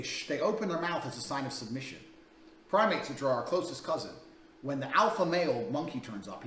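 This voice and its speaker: A man's voice: medium pitch, fairly bright tone. A young man lecturing in a blunt, crude, profane way as a dating coach. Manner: blunt, crude, rapid-fire swearing. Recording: roomy, distant mic with faint noise.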